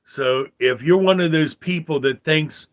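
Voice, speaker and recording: An older man giving a rambling religious commentary monologue, talking slowly with fillers and repeated phrases. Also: on the high side. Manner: slow, meandering talk with fillers and repeated phrases. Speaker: vlogger.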